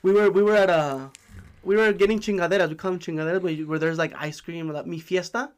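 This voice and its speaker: Fast-talking, rambling man on a podcast. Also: high-pitched, steady tone, a crowd in the background. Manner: rambling storyteller, many fillers. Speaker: podcast host. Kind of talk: casual chat.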